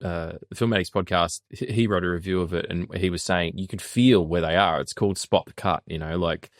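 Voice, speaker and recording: A man with a low voice chats about a film as a podcast guest, circling his points with hesitations and the odd swear. The sound is close and dry. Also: brisk, no echo. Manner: rambling, hesitant, frequent fillers and restarts, swears. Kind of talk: casual film review chat.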